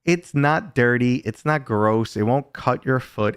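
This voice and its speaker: On a live stream, this thirty-something man from the US reads chat and spins loose, casual stories, cursing occasionally. He talks a little slowly in a smooth, mid-range voice, captured in studio quality without any room sound.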